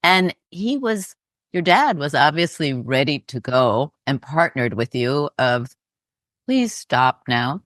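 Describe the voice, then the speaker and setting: A podcast co-host responding thoughtfully to a guest and sharing personal stories in a calm, conversational way. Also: medium pitch, measured pace, no room sound, clean studio sound. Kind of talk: conversational spiritual podcast talk.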